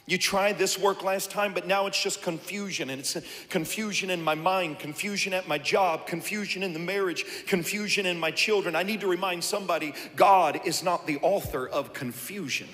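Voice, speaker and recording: A male pastor preaching a sermon, dropping to a hush and rising to shouts, acting out a scene on stage. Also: sits high, normal speed, few pauses, long reverb tail. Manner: swings from hushed to shouting. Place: church sanctuary.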